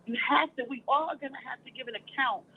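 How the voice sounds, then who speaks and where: High-voiced woman caller, fervent preacher-style testimony, heard over a tinny phone line. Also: fast talker, slight background noise. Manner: fervent, quotes scripture.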